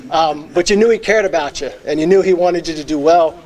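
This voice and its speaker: A middle-aged man with a slightly high, somewhat quick voice and a darkish tone delivers an earnest hall of fame acceptance speech. A former teacher and football coach, he reminisces and uses lots of fillers.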